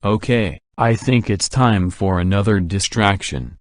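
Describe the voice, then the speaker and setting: A man doing a hushed, urgent teenage boy. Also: lowish voice, measured pace, dry recording, close to an everyday voice. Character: young male alien teen, teleporting, wry.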